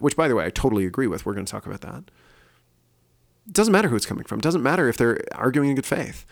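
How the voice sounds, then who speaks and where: Speaking very fast in a creaky, mid-range voice with big swings in pitch, a man runs his own opinion podcast. His solo monologue is earnest and exploratory, full of fillers as he thinks aloud.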